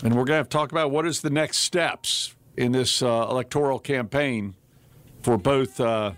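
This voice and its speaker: A man hosting a talk radio show, speaking in an animated way with repeated phrases and joking with his co-host. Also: mid-range voice, moderate pace, faint music behind.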